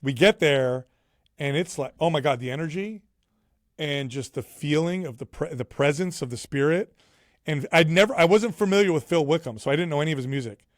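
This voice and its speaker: Excited male podcast guest, dry sound. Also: on the high side, a little fast, dry recording. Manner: excited, animated storytelling, says "bro". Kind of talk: casual chat.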